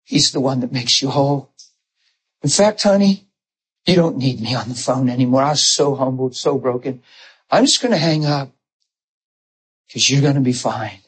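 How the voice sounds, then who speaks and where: A middle-aged man preaching a sermon, telling personal stories with emotion and animated quoted voices. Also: mid-range voice, moderate pace, pauses often, husky, rough recording.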